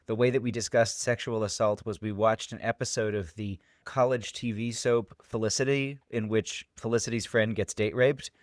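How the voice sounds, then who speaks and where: A man's voice: lowish voice, fairly even intonation, normal speed, hardly any pauses, no room sound, clean studio sound. An American man co-hosting a podcast, talking emphatically and stressing key words. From Massachusetts, USA. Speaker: podcast co-host. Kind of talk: casual discussion.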